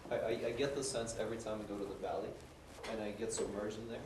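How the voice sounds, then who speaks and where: A man's voice: fairly low pitch, steady tone, fast talker, background noise. Man, thoughtful panelist, tag questions, roomy hall, distant mic. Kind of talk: conference discussion.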